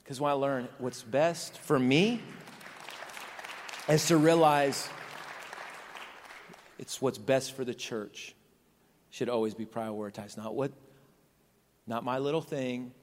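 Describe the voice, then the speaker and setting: A man's voice: medium pitch, steady tone, slow, long pauses, a faint crowd, a little hiss or hum. Man preaching emphatically in a reverberant church. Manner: emphatic, repetitive preaching with sudden loud and soft swings. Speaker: pastor. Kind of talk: sermon. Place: large church hall. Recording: long hall reverb with soft music behind.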